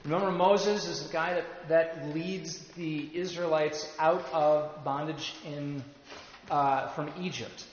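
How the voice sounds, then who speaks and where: A man teaching an adult Sunday school class, explaining slowly and leading the group in reading aloud. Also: fairly high pitch, steady tone, lo-fi sound, slight background noise. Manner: explanatory, leads group readings, pauses with fillers. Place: church classroom. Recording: echoey roomy recording from a distance.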